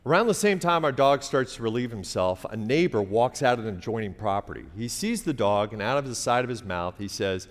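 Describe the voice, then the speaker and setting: A man's voice: medium pitch, animated, fairly quick, hardly any pauses. A middle-aged man telling a wry, conversational comic story on a theater stage, playing to the audience. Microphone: stage mic. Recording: long theater reverb, faint hiss.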